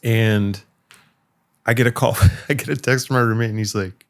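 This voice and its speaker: A man's voice: on the low side, fairly even intonation, moderate pace. A man in casual podcast chat, a rambling storyteller who swears freely and laughs as he talks. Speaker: podcast guest or co-host.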